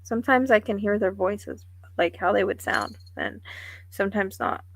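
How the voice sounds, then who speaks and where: A woman's voice: medium pitch, sing-song, moderate pace, vocal fry. A woman psychic medium giving a live reading, thinking aloud in a musing, tentative way.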